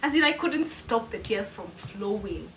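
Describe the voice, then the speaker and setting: A young woman with a Kenyan accent telling a story in a casual vlog, animated, laughing often and slipping in Swahili words. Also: medium pitch, measured pace, a little hiss or hum, rough recording. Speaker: vlogger.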